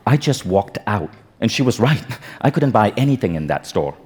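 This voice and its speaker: Animated man telling a stage story. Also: on the low side, normal speed, few pauses, slight background noise. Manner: animated, comic, acts out quotes. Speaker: keynote speaker. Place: conference stage.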